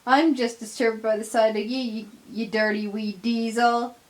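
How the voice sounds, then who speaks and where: A woman's voice: a little high, slow pace. A woman voicing a bitter, angry male steam engine with a Scottish accent, snapping and sneering. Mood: cross. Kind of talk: fan audio story reading.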